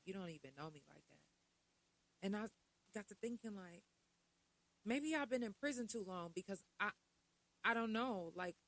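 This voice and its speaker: A woman's voice: medium pitch, low-quality recording. Middle-aged woman hosting a casual podcast. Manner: conversational, full of rhetorical questions and asides. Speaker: podcast host.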